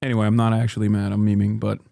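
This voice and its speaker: A man's voice: lowish voice, completely flat delivery, rapid-fire, gravelly, warm tone, dry recording, studio quality. A man streaming political commentary, ranting heatedly and sarcastically with plenty of profanity. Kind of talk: live-stream rant commentary.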